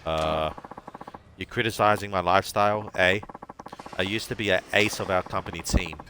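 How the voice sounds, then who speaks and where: Man voicing a gruff drunk old ballplayer. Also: deep voice, steady tone, moderate pace, background noise, close to an everyday voice. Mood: belligerent. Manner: folksy, gruff and boastful. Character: drunk ornery middle-aged ex-ballplayer man.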